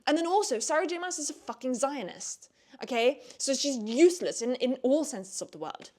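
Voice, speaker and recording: With a high voice at normal speed, a young female book vlogger chats through a casual review, leaning heavily on "like" and other fillers. She swears without hesitation when irritated and gets animated, breaking into occasional rants.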